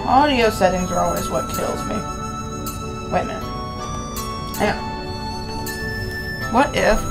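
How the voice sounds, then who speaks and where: A woman's voice: a little high, lively intonation, takes it slowly, vocal fry, pauses often, over music. A woman, chatting casually and rambling to her viewers while streaming a game. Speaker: streamer playing a visual novel. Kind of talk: casual live-stream chat.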